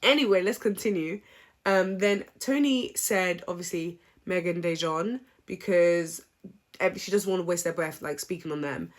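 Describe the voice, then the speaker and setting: A woman giving a casual, opinionated recap, chatty and animated, with frequent ums. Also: lowish voice, moderate pace. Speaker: reality show recap vlogger.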